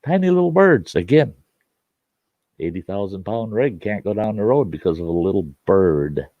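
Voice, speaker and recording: A man's voice: fairly low pitch, lively intonation, normal speed, no echo, narrow, tinny audio. A man telling a folksy story in a rambling, casual way, hosting his own show and often restarting his sentences. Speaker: storyteller host.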